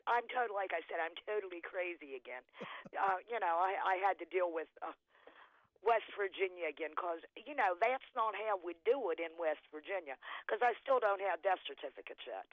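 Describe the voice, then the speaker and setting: A woman's voice: lowish voice, animated, moderate pace, dry recording. A woman calling in to a radio talk show, speaking bluntly and emphatically and laughing as she talks. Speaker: caller. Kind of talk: call-in radio chat. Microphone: telephone. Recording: muffled phone line.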